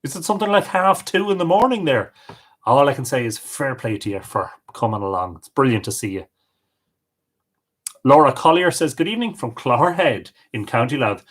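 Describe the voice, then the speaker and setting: A man's voice: medium pitch, big pitch swings, normal speed. A middle-aged man with an Irish accent, hosting a livestream in a chatty way and reading out viewer comments. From Ireland. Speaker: livestream host. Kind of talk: casual live-stream greetings.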